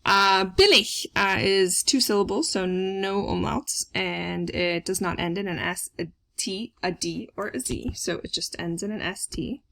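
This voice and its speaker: A woman's voice: mid-range voice, measured pace, vocal fry, few pauses, sharp tone. A woman teaching German grammar in a recorded lesson, explaining step by step with frequent fillers.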